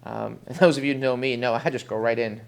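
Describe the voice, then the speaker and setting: A funeral director who also works as an emergency medical technician gives a eulogy at a memorial service in a funeral home. The speaker tells stories about the deceased in a loose, conversational way, often pausing and talking straight to the mourners. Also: medium pitch, fairly even intonation, creaky. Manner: conversational storytelling, acts out dialogue with humor.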